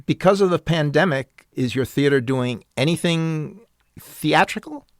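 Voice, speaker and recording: A man hosting a radio interview, asking calm, measured questions. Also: a little high, no room sound, studio quality. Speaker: radio host.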